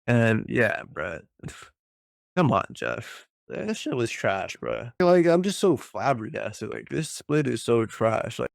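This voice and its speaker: A man's voice: mid-range voice, animated, measured pace, creaky, few pauses, dry recording, studio quality. A young man ranting casually about a workout split, profane and exasperated, full of slang. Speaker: fitness vlogger.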